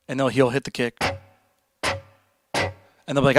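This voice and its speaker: A man's voice: mid-range voice, steady tone, brisk, long pauses, dry recording, soft background music. A young man chatting casually on a livestream, rambling and laid-back, reading viewer messages and answering them. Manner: laid-back, rambling, says dude and like a lot. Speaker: streamer.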